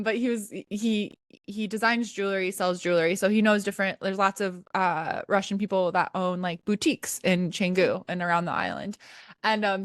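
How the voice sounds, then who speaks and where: A woman's voice: medium pitch, dry recording, clean studio sound. A woman hosting a podcast in casual chat, rambling and giggling, with many restarts. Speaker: podcast host.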